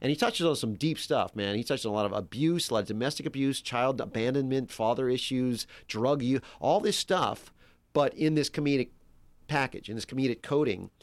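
Middle-aged guy, self-deprecating storyteller, dry close sound, ordinary pitch. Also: brisk, no room sound. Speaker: guest on a talk podcast. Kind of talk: casual chat, storytelling.

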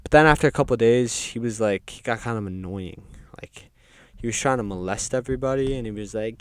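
A man delivering a rambling, deadpan comedic monologue as a resident of hell, full of ums and offhand asides. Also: medium pitch, fast talker, smooth, dry recording, studio quality. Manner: rambling, deadpan, filler-heavy with frequent ums. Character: resident of hell describing its games. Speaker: comedic podcast host.

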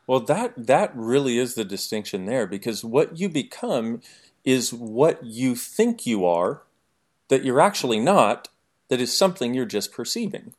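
A man talking as an interview guest, animated and jokey, explaining his ideas through everyday examples. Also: medium pitch, unhurried. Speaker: podcast guest. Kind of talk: conversational interview.

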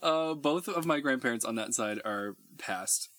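Bright-voiced man telling animated stories. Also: medium pitch, a little slow, dry recording. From Texas. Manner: animated storyteller, laughs often. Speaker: podcast co-host. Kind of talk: casual chat.

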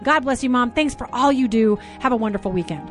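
A woman hosting a call-in radio talk show, talking quickly and eagerly and admitting she rushes her words. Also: a little high, music in the background. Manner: fast, warm-hearted, talks over herself.

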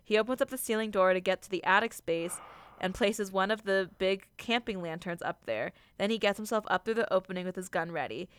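A woman's voice: medium pitch, a little fast, fairly bright tone, smooth, dry recording. A young woman co-hosting a casual podcast, reading out a listener's story in a chatty, playful way and swearing freely. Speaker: podcast co-host. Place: Utah.

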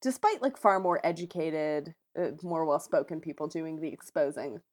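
A woman's voice: deep voice, normal speed, a little mellow. Chatty woman podcast co-host, sarcastic. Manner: chatty, laughs often, sarcastic asides. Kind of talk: casual chat.

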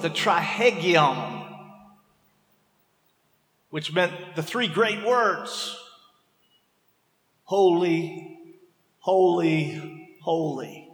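Male pastor, high voice, slow deliberate sermon delivery, long hall reverb. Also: a bit bright. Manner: impassioned preaching, dramatic slow emphasis.

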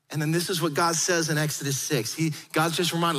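A man preaching a sermon, retelling a story with lively acted-out quotes. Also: on the high side, fast, hardly any pauses, long reverb tail. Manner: animated storytelling, acts out quoted voices. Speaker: pastor.

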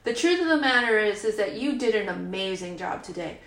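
A woman's voice: medium pitch, lively intonation, a little fast, a bit bright. A woman in her fifties voicing a kind, encouraging inner queen of compassion, gushing with praise. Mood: reassuring. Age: 50s. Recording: roomy echo.

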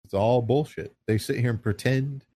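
A man's voice: mid-range voice, normal speed, dark tone, no room sound. A man ranting profanely in casual podcast chat.

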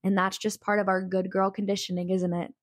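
A woman's voice: medium pitch, little pitch movement, fairly quick, no echo, clean studio sound. A young woman telling a personal story in a casual, candid and emphatic way, full of "like" fillers.

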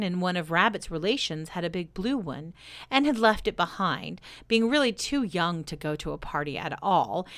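In a soft, gentle storytelling voice on the low side, a woman reads a children's story aloud, speaking directly to the listener.

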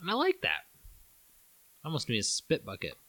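A man chatting casually while tasting candy, animated and jokey, swearing now and then. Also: medium pitch, fairly quick, vocal fry, no echo.

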